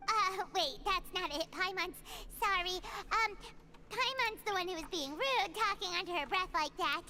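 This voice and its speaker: A woman's voice: extremely high pitch, moderate pace. A woman voicing a tiny, chatty fairy girl who talks of herself by name, in a game. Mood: curious. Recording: game audio with loud background noise.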